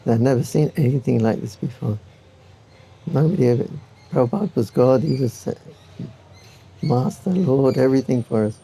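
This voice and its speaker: A man's voice: mid-range voice, moderate pace, vocal fry, warm tone, husky. An older man giving an anecdotal spiritual talk to devotees, chuckling often as he tells his stories.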